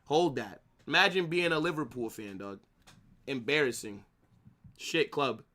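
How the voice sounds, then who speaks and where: A man's voice: mid-range voice, animated, measured pace, sharp tone. A man streaming a live football watch-along, arguing with his chat in a brash, trash-talking way, swearing freely and calling viewers bro and brother.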